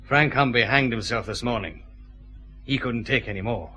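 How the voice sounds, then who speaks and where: An actor with a Scottish accent playing a methodical, confident detective chief inspector pressing suspects in a radio drama. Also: male voice, mid-range voice, normal speed, bright, forceful tone, soft background music, lightly acted.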